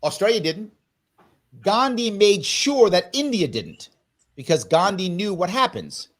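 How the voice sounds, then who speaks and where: New guy, fairly high voice, tells stories with lots of emphasis, does little voices for quotes, on a video call. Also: big pitch swings, a little slow, fairly bright tone. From New York. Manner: emphatic storyteller who acts out quoted voices. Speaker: political guest. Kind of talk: animated interview talk.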